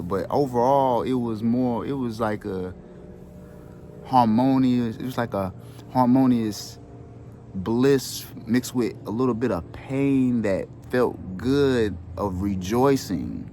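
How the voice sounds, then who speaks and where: A man's voice: mid-range voice, slow, mellow, a little hiss or hum. A man with children telling an emotional personal story in a casual, earnest way, sprinkled with street slang. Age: adult with children. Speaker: wellness channel host.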